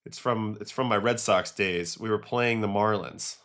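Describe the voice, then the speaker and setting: A former pitcher hosts a casual livestream, chatting and reacting to baseball clips and questions from chat. He talks at a moderate pace with a fairly bright tone.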